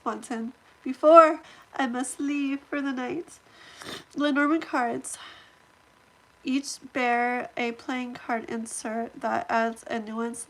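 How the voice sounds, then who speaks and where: A woman with a stuffy nose hosting a casual live stream, reading viewer comments aloud and reacting in a chatty, excitable way. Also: fairly high pitch, low-quality recording. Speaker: livestream host.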